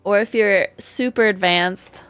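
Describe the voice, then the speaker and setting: A woman's voice: mid-range voice, unhurried, a bit bright, smooth, no room sound, soft background music. Giggly woman streaming a game. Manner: playful, giggly, teasing chat about slang. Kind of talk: casual live-stream chat.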